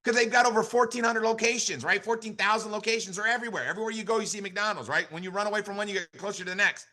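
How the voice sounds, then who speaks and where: A man giving an energetic motivational training on a call, full of repetition and rhetorical questions. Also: sits high, rapid-fire. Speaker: network marketing director giving a training.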